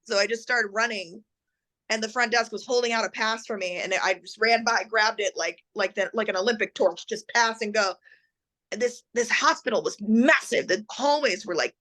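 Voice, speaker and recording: A woman with a bright, forceful voice set a little high tells a personal story in an interview. She talks in an animated way, slips into the voices of the people she quotes, and throws in quick asides. It is an emotional, unscripted account. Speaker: guest.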